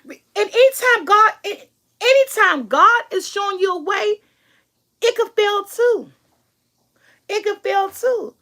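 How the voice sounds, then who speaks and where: A woman's voice: extremely high pitch, animated, slow, pauses often, bright, forceful tone. A middle-aged woman vlogger, giving an emphatic, preachy motivational talk and repeating her key lines.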